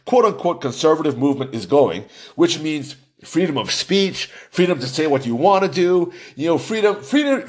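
A man hosting a podcast, talking in an animated, emphatic way with lots of restarts and "right?" tags. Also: fairly high pitch. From United States. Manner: deliberately animated and emphatic, pushing his voice up for effect. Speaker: podcast host. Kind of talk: animated solo podcast monologue.

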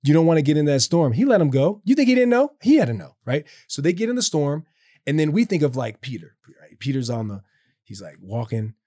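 A man's voice: on the high side, big pitch swings, a little fast, dark tone, husky, dry recording, clean studio sound. A man talking earnestly about his faith in a casual conversation, rambling with many restarts and fillers. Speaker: guest speaking about faith.

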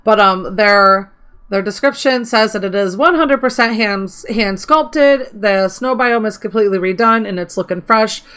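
A woman's voice: medium pitch, normal speed, a bit bright, clear, resonant tone. A woman co-hosting a casual gaming podcast, chatty, reading out mod notes and asking guests questions. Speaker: podcast co-host.

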